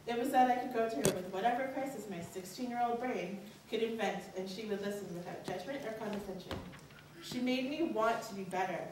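A woman's voice: recorded from a distance, background noise. Young woman telling her story in an echoey hall. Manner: earnest, candid, pitch rises sharply on anxious inner questions. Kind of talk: live personal storytelling. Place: college stage at a live showcase.

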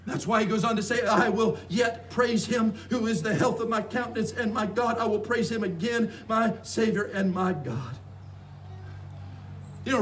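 A male pastor preaching a sermon in a fervent, repetitive way that rises to shouts. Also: high voice. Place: church sanctuary. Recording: distant mic with faint background noise.

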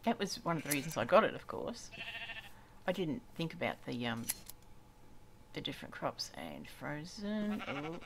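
A woman's voice: low-pitched, very animated, normal speed, gravelly, pauses often, background noise. A woman giving chatty, exclamatory commentary on her gameplay and talking to the animals she meets. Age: older. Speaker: gaming YouTuber. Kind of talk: casual let's-play commentary.

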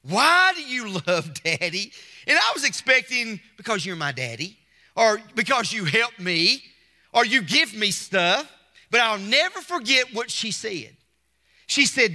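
A man's voice: sits high, very animated, unhurried, bright, forceful tone. A middle-aged man, preaching a Mother's Day sermon from the pulpit with emphatic repetition and call-outs to the congregation. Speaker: pastor. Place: church sanctuary. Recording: long church hall reverb.

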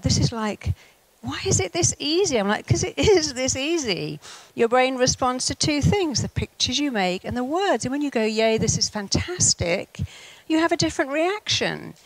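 Lively English woman telling stories. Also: no room sound, low-quality recording. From England. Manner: lively storyteller, acts out quotes with big pitch jumps. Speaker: therapist and speaker. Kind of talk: motivational talk with acted anecdotes.

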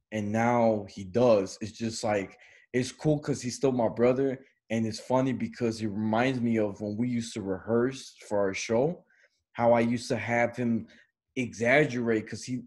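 A young man co-hosting a podcast, telling a story in casual chat and laughing often as he goes. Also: on the low side. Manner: animated, laughs often while telling stories. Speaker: podcast co-host.

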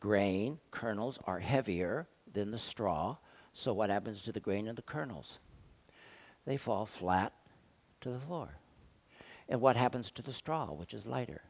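An older man delivers a sermon from the pulpit, his voice sitting low. He talks to the congregation like a conversation, tossing out rhetorical questions. He swings between loud, pressing stretches and quiet, hushed ones. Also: expressive, measured pace. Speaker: pastor.

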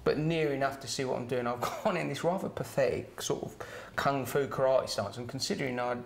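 Gravelly middle-aged storyteller. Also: male voice, mid-range voice, brisk, slight background noise. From Kent, England. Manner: chatty, with "right?" tags and chuckles. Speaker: former doorman. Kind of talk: casual anecdote telling.

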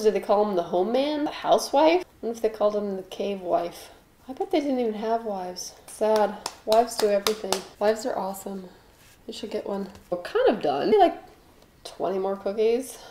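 A woman's voice: medium pitch, darkish tone. A young woman doing a rambling, offbeat comedy monologue with jokey asides while she bakes in her home kitchen. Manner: offbeat, jokey asides, mock voices for quoted people. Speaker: comedic baking host. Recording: echoey kitchen with faint noise.

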